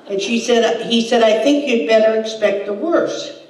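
A woman's voice: a little high, normal speed, slight background noise. Older woman comedy host, dry delivery, recorded from a distance in a roomy hall. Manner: deadpan one-liners with quoted voices. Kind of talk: stand-up comedy. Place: hall with a laughing audience. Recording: echoey hall, distant mic, crowd laughter.

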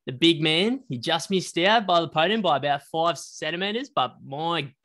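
A man's voice: fairly high pitch, expressive, normal speed, a bit bright. A young Australian man co-hosting a casual podcast, blokey and full of slang. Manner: blokey, slangy, laughs a lot. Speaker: podcast co-host.

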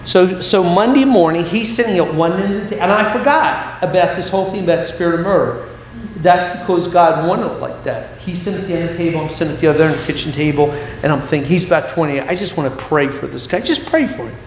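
A middle-aged man, an evangelist, telling a story in a sermon with lively humorous asides, recorded in a church hall. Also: a little high, quick pace, slight background noise. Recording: very echoey hall, faint ambience.

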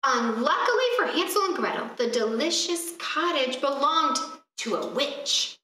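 A woman reading a fairy tale aloud at a library storytime, expressive and asking the children questions along the way, heard from a distance in an echoey room. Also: a little high, normal speed.

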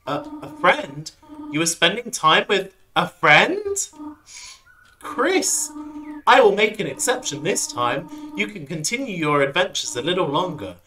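A streamer voicing a gentle, worried monster mother from a video game, fussing and scolding in a raised, lively voice. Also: measured pace, a little hiss or hum, poor audio. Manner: fussing, scolding softly, higher voice. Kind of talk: reading game dialogue aloud in voices.

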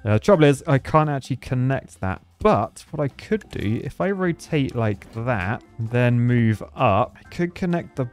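A man in his twenties chats through a building game, working out controls aloud at a mid-range pitch. He gets loud and giddy when his creations take off, laughing easily. Soft background music plays under his voice. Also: measured pace, few pauses. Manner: excitable, laughs often, thinks aloud. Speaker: gaming YouTuber. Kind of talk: casual gameplay commentary.

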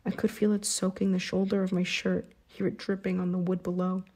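A woman reading an audiobook in the first person, with tense, steady storytelling. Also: lowish voice, a little fast. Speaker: audiobook narrator.

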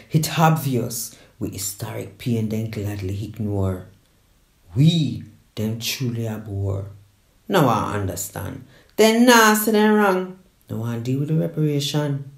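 A woman with a Jamaican accent reciting a dramatic poem, slow and emphatic, mixing patois and English. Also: extremely low pitch, warm tone, echoey room. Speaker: poet.

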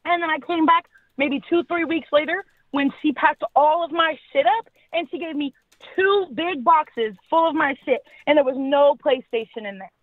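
A woman's voice: sits high, dry recording. A woman on a phone call, arguing back angrily and defiantly, with sarcasm and heavy swearing. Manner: angry, defiant, sarcastic, profane. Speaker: prank call target. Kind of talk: heated phone argument. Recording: tinny dry phone line.

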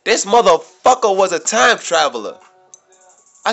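A man with a bright, forceful, fairly high voice tells his story in a loose, rambling vlog monologue. He swears constantly, circles back over the same phrases, and gets louder and more worked up. Faint music plays behind him. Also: moderate pace. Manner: rambling, profane, repeats himself, gets worked up. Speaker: vlogger. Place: New York City.

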